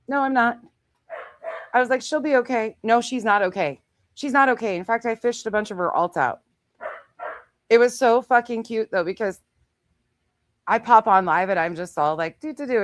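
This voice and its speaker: A woman's voice: medium pitch, fairly bright tone. A woman hosting her own channel, chatting casually and profanely at home while talking to her dogs. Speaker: channel host. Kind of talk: casual chat.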